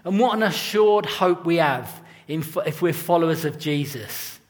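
Casting: male pastor, earnest and conversational, slightly higher voice, long church reverb. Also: animated, moderate pace. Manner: earnest, conversational preaching with personal stories and chuckles. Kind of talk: sermon.

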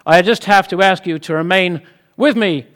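Guy putting on an american accent, polite cop, formal and clipped, fairly high voice. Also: moderate pace, fairly bright tone. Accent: American (put on). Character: polite, stern American male police officer.

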